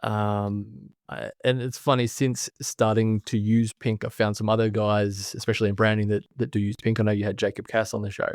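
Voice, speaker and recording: A man's voice: fairly low pitch, little pitch movement, normal speed, few pauses, no echo, studio quality. A man in his thirties with an Australian accent, a podcast guest chatting casually and laughing easily. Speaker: podcast guest, branding specialist. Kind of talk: casual conversational interview.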